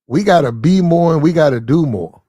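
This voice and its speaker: A man gives casual commentary in a preachy, repetitive way, talking straight to the people he discusses. His voice sits a little high for a man. The sound is close and dry. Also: expressive, normal speed, dark tone, dry recording. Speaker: commentary channel host.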